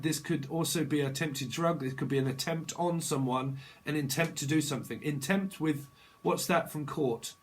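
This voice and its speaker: A man giving a tarot reading, rambling quickly and bluntly with slang and swearing. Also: a little high. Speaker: tarot reader. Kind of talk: channeled tarot reading monologue.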